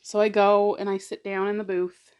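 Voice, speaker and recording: A woman's voice: mid-range voice, level tone, normal speed, darkish tone, clear, resonant tone. A woman vlogger telling a personal story in a casual, rambling way, full of "like" and emotional asides. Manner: rambling, fills talk with "like"; emotional, confiding. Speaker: mukbang vlogger.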